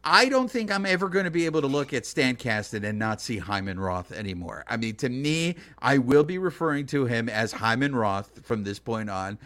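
A man co-hosting a sports podcast in casual chat, animated and often laughing. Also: medium pitch, normal speed, hardly any pauses. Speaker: podcast co-host.

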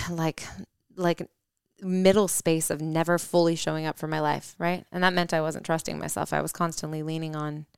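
A woman in her thirties tells a personal story with earnest reflection, pausing on fillers and restarts. Her voice sits low and very clear, with a gravelly edge at the ends of phrases, recorded dry and close. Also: level tone, dry recording. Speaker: podcast co-host.

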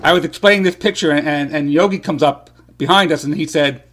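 A man's voice: a little high, brisk. A middle-aged man hosting a radio talk show, reminiscing casually about a visit with his son. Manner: relaxed, reminiscing with short affirmations. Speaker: radio host.

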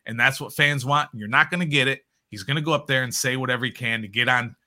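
A man's voice: mid-range voice, quick pace, bright, forceful tone. A man co-hosting a sports podcast, ranting emphatically in casual chat. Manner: emphatic, ranting, mimics others in quotes. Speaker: podcast co-host.

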